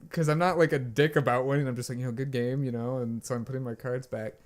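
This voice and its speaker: A man's voice: medium pitch, fast talker. A young man co-hosting a podcast, telling a rambling story with lots of fillers and swearing. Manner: rambling storytelling, many fillers, frequent swearing, animated quoting. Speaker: podcast co-host. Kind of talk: casual chat.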